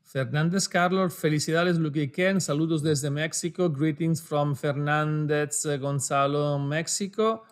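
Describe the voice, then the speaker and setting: A man co-hosting a live webinar over a video call, reading out viewer names and greetings, switching languages and quick to laugh. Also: fairly high pitch. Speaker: webinar co-host for an audio brand.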